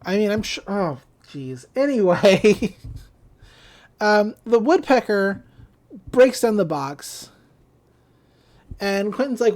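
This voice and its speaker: A woman hosting a podcast, recapping a cartoon episode in casual chat, with frequent laughs and quick quoted asides. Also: medium pitch, expressive, a little mellow. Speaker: podcast host.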